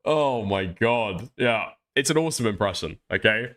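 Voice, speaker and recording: A man's voice: lowish voice, lively intonation, normal speed, a bit bright. A man reacting to clips on stream, sarcastic and swearing constantly. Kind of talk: profane reaction commentary.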